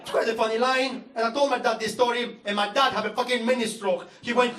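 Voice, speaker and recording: A man with a Greek accent doing stand-up, ranting loudly and swearing often. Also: extremely high pitch, steady tone, fast talker, few pauses. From Greece. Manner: loud, profane, ranting. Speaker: stand-up comedian. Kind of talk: stand-up rant. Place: comedy venue stage. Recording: echoey venue from a distance with crowd ambience.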